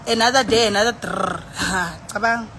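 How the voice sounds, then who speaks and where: A woman with a South African accent is livestreaming on her phone, tipsy, rambling and sighing in casual chat while switching languages. Her mid-range voice has vocal fry, and she talks a little fast. Background noise is present.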